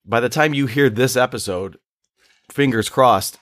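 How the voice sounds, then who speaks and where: A man's voice: medium pitch, unhurried, a bit bright, no echo, studio quality. A man co-hosting a casual comedy podcast, loose and jokey, laughing often. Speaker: podcast co-host.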